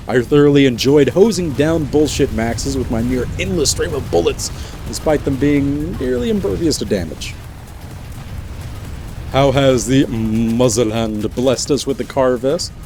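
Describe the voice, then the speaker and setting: A man's voice: medium pitch, darkish tone, a little hiss or hum. A man hosting a gaming video in a playful, jokey commentary style with teasing asides. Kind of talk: casual game commentary.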